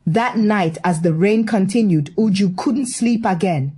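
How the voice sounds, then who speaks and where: A woman's voice: mid-range voice, a little slow, hardly any pauses, dark tone, breathy edge. A woman telling a scripted story in a wry, gossipy manner.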